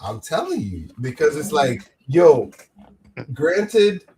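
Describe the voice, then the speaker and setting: A man's voice: a little high, sing-song, slow pace, warm tone, a little hiss or hum. A man hosting a podcast in casual chat, loose and slangy with many false starts. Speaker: podcast host.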